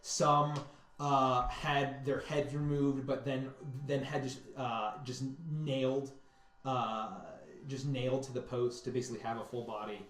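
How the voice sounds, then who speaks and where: A man narrating a tabletop game as game master, halting and repeating words as he describes scenes. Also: medium pitch, fairly even intonation, a bit bright. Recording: echoey room.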